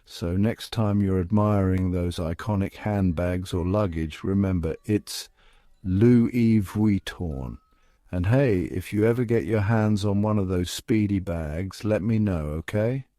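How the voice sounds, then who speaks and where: Upbeat low-voiced man narrating a script. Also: a little slow, hardly any pauses, dark tone, smooth, dry recording. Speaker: pronunciation guide narrator.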